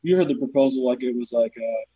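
A man's voice: medium pitch, quick pace, breathy edge, lo-fi sound. A man with a Southern accent, a comedian guest, telling profane stories in casual podcast chat. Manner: profane, animated storytelling with acted quotes.

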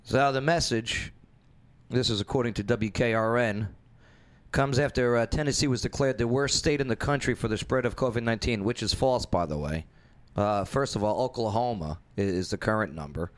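A man hosting a casual opinion talk show, blunt and jokey, animated and fond of asides. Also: medium pitch, moderate pace.

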